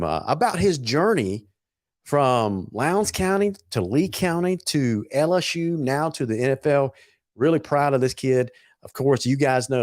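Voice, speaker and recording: Wired, excitable man hosting. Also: lowish voice, dry recording, clean studio sound. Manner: excitable, hurried, trips over words. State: wired on caffeine. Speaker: host. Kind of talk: casual talk-show hosting with sponsor reads.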